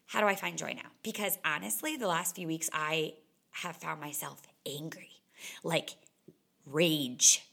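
A woman's voice: low voice, normal speed, creaky, sharp tone, husky. A young woman, a fitness instructor, talking candidly in a chatty solo podcast monologue full of "like.". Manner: chatty and candid, heavy on "like" fillers.

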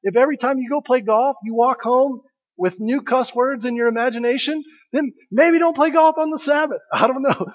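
Joking pastor preaching in a hall. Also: male voice, extremely high pitch, normal speed. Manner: conversational and joking, asks the congregation questions. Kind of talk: sermon. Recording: dull audio with long hall reverb.

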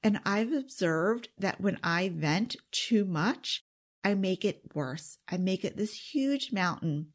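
A woman speaks straight to her listeners in a confiding self-help talk, earnest and intimate, sometimes dropping to a whisper. Her voice is mid-range, expressive and slow.

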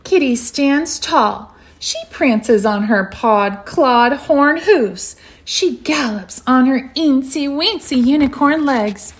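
A woman dance teacher reading a storybook aloud to children, animated and talking to them directly. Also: high voice, takes it slowly, few pauses. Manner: animated, addresses kids directly.

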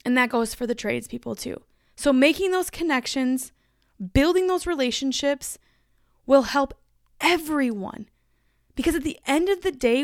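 High-voiced chatty woman podcaster. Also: expressive, moderate pace, no echo, clean studio sound. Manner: chatty and emphatic, laughs easily. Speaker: podcast host. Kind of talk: solo podcast monologue.

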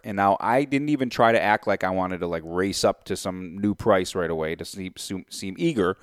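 Deep and resonant, with a clear tone, the voice of this male real estate investor moves fairly quickly with hardly any pauses. The recording is dry and studio-clean as he casually narrates to camera, acting out both sides of a deal and calculating figures out loud.

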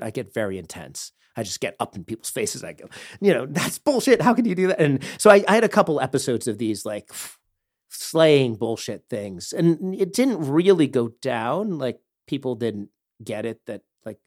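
A man's voice: mid-range voice, dry recording, clean studio sound. Heated rambling man telling a story. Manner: rambling, heated, swings loud and intense; heavy fillers and restarts. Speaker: podcast host. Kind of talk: personal storytelling monologue.

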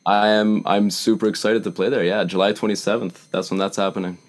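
Lively young Canadian man, musician guest. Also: lowish voice, fairly quick. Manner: animated storyteller, acts out quotes. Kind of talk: casual interview chat.

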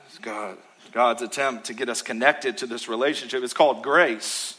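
A male pastor preaching a sermon in church, emphatic, with rhythmic repetition, swinging between loud calls and hushed asides. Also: mid-range voice, moderate pace, over a noisy crowd, heavy background noise.

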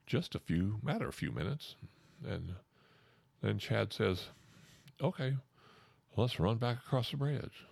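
A man, telling a folksy ghost story in an animated way, repeating words and acting out the shouts. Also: sits low, vocal fry, husky, no room sound. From Oklahoma.

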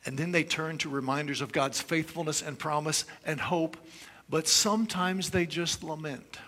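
A man preaching a sermon, moving between hushed scripture reading and forceful exclamation. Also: a little high, normal speed, a little hiss or hum. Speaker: pastor.

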